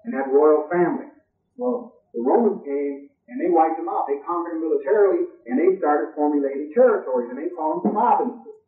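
A man giving a university lecture, animated and full of rhetorical questions. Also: a little high. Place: lecture hall. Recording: old, muffled, echoey 1990s hall tape from far off.

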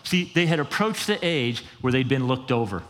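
A man preaches in an easy, conversational way, jumping up in pitch to act out quoted voices and dropping low for emphasis. His voice rings with a long hall reverb, as if in a church sanctuary. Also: moderate pace. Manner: animated, conversational, acts out quotes with pitch jumps. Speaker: pastor. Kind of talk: sermon.

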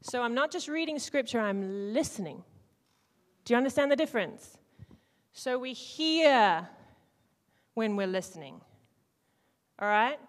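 A woman leading an interactive teaching talk to a church group, playful, swinging between loud and hushed and acting out lines. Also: a little high, expressive, normal speed. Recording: long hall reverb.

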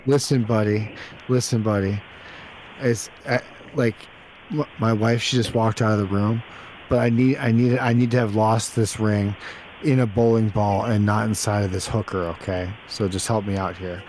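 A sleazy husband in a panic , as a man puts him on, begs and stammers under his breath. His voice is lower and quieter than usual, with faint hiss behind it. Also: fairly even intonation, normal speed, lightly acted, poor audio. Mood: pleading. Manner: pleading, stammering, hushed.

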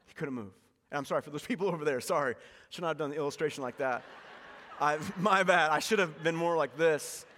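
Male pastor, sermon delivery, lively storyteller, church hall reverb. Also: on the high side, fast talker. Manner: animated storytelling preacher, repeats key lines.

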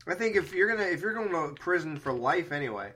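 A man co-hosting a movie podcast in casual chat, animated and swearing freely, laughing often. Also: fairly high pitch, fast talker, husky. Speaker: podcast co-host.

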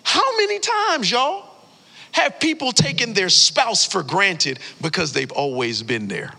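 A male pastor delivers an animated, story-driven sermon full of casual slang. His voice is high and sharply bright with a gravelly texture. It rings with the long reverb of a church hall. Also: measured pace. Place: church sanctuary.

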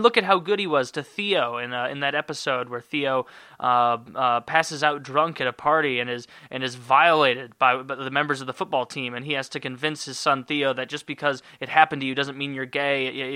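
A man delivering a rambling, sarcastic solo podcast rant full of swearing. His voice is very bright and sharp-edged, and the sound is dry and close. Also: mid-range voice, steady tone, brisk, smooth, no echo. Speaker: podcast host.

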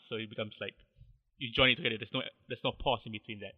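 A man's voice: mid-range voice, fairly even intonation, racing, no room sound. Man, podcast guest, filler-heavy easy chat, lo-fi mic, dry sound. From Malaysia. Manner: chatty, many "like" fillers, laughs easily. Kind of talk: casual podcast chat, explaining slang.

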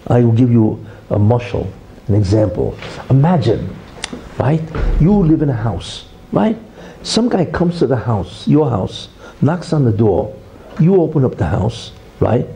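A man giving an informal religious talk in an animated, rhetorical way, often checking in with "right?" and "you see". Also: medium pitch, unhurried, gravelly, a little hiss or hum, rough recording.

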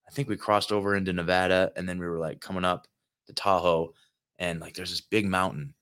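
A man's voice: low-pitched, steady tone, a little fast, fairly bright tone, smooth. A man hosting his own show, telling a road-trip story in a loose, rambling monologue full of filler words and swearing, recorded in a hotel room. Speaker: host.

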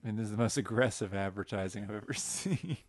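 A fairly low-voiced man thinks out loud as a podcast guest, trailing off and restarting. He talks casually and a little quietly. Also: fast. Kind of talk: casual chat.

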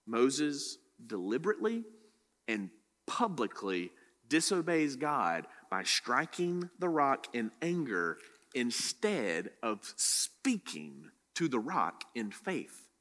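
A man's voice: fairly high pitch, fairly bright tone, in a large hall. A man preaching a sermon. He reads scripture aloud, then explains it with rising emphasis. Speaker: pastor.

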